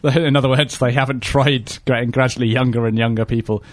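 A man co-hosts a podcast of casual comedic chat, rambling, joking and using lots of fillers. His medium-pitched voice is fairly even and a little fast, in a clean studio recording with no room sound.

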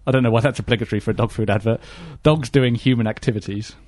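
A man co-hosting a casual podcast rambles through jokes, fillers and restarts. His voice sits at an ordinary middle pitch. The sound is dry and close, with no room echo. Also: fairly even intonation, quick pace, a little mellow. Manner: rambling, joking, many fillers. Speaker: podcast co-host. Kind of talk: casual comedic chat.

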